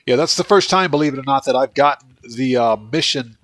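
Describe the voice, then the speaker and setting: A man with a congested, fading voice hosts a gameplay livestream in a relaxed, casual way. His pitch sits in an ordinary middle range as he talks to his chat and thanks viewers by name. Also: fairly quick. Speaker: livestream host, gamer.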